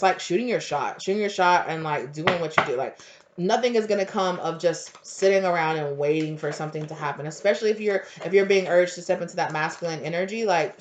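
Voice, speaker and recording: Brief: woman tarot reader, lowish voice, chatty and rambling, dull lo-fi recording. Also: slight background noise. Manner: rambling, filler-heavy, conversational. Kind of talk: casual spiritual tarot reading. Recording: dull lo-fi audio.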